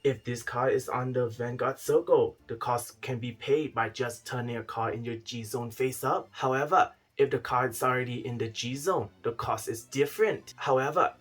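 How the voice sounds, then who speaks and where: Man playing a male outback explorer with an Australian accent: soft, low-key, playful. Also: moderate pace, few pauses, faint music behind, natural voice. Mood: hushed explaining. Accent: Australian, put on. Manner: jokey put-on slang, soft and low. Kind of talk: comic card-game reveal.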